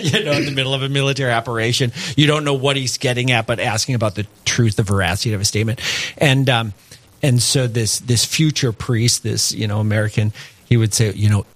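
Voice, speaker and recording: A man's voice: medium pitch, a little fast, dry recording. A man, a Catholic priest, speaking earnestly and reflectively in a conversational faith discussion and telling a story with many asides. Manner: earnest, reflective, tells stories with many "you know" asides.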